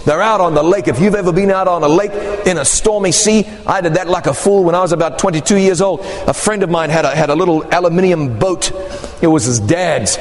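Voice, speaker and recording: A man preaching a sermon, telling stories with lively acted-out quotes. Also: a little high, brisk. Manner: animated storytelling with acted quotes. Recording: echoey hall with long reverb.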